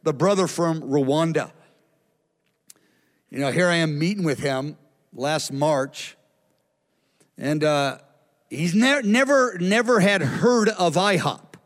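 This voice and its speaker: A man preaching a sermon, telling stories in an animated way and acting out what people said. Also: a little high, takes it slowly, pauses often, big-room sound. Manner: animated storytelling, acts out quotes.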